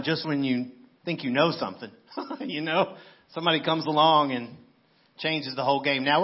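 A man's voice: a little high, dull audio. A man preaching a sermon in a church on a microphone, talking in a conversational way with playful storytelling asides. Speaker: pastor. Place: church sanctuary. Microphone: handheld microphone.

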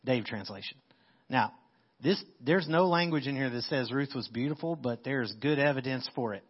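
A man's voice: medium pitch, normal speed, breathy edge, highs cut off. A male pastor preaching a sermon, reading scripture and explaining it in casual, conversational terms. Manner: conversational, paraphrases verses in casual modern speech.

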